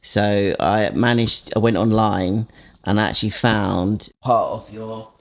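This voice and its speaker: A young man hosts a relaxed podcast with his father. He teases him playfully and drives the show from one segment to the next in a fairly low voice. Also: measured pace, gravelly. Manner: playful, teasing, leads the segments. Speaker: host, son. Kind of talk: casual podcast chat.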